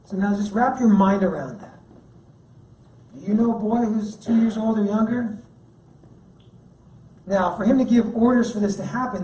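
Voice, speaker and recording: A guest speaker at a church gives a sermon in a casual, joking style. His voice is high-pitched yet dark in tone, and the mic sits at a distance in an echoey room.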